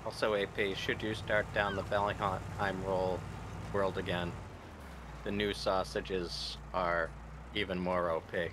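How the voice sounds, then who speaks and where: A low-voiced man chimes in on a game stream with slow, easygoing remarks. His voice-chat audio carries clear background noise. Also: level tone. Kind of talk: casual gaming chat.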